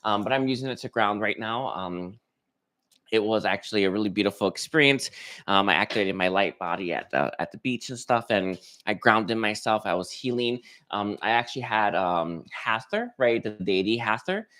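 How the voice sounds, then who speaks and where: A man hosting a spiritual livestream, talking casually and hesitantly with many pauses and restarts. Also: on the low side, lively intonation, fairly bright tone. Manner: hesitant, lots of ums and restarts. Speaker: psychic reader hosting a livestream.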